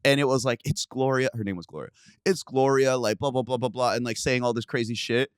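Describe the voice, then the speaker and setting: A young man in his podcast host chair spins a story in loose, profane, everyday talk. His voice sits at an ordinary middle pitch and sounds close and dry, with no room around it. Every so often he breaks into a loud, heated burst before settling back down. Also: quick pace, no echo. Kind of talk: casual storytelling chat.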